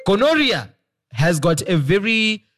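A man co-hosting a casual podcast chat, animated and rambling with restarts. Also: high voice, unhurried, soft background music. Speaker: co-host.

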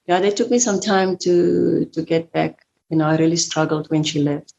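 A middle-aged woman recounts a painful personal story. Her voice sits low and stays fairly flat in pitch. She speaks haltingly, with fillers and repeated words. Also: vocal fry, lo-fi sound, a little hiss or hum. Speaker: survivor guest. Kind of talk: emotional personal testimony.

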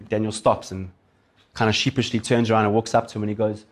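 A man preaching a sermon as a pastor, telling a story in a casual, animated way. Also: fairly low pitch, fast.

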